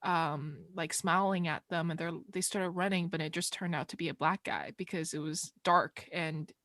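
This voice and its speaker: A woman who grew up in China, telling a story in casual chat with many fillers and pauses. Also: low voice, fairly even intonation, fairly bright tone, no room sound, studio quality.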